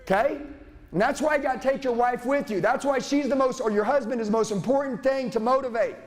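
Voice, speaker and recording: A middle-aged sales trainer speaks into a handheld mic, lecturing a live audience in a profane, intense motivational seminar speech. His voice is very high-pitched and his pace is quick.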